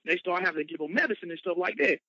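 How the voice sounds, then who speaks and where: A man's voice: high-pitched, animated, very fast, pushed and bright, no echo. A man, a motivational speaker, telling his personal story with emphatic, dramatic retelling. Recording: dull lo-fi, dry sound.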